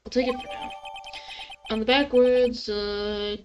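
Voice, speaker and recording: A woman's voice: on the high side, moderate pace, darkish tone, lo-fi sound. A woman streamer playing a game and reading its dialogue aloud, with casual mumbled asides. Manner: casual, mumbled asides between read lines. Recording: music playing behind.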